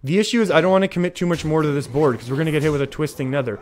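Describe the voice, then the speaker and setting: A man streaming a card game, chatting casually with his viewers and reacting with excitement to each play. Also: on the high side, rapid-fire. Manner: chatty, reads chat aloud, excitable. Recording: faint music behind.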